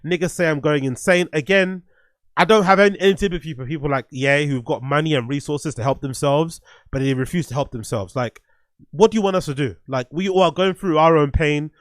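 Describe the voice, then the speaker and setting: A blunt man hosts a casual livestream, swearing freely and circling back over his points. His voice sits a little high for a man. The recording is close and dry. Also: brisk, dry recording. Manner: blunt, profane, rambling with restarts. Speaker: streamer host reviewing music.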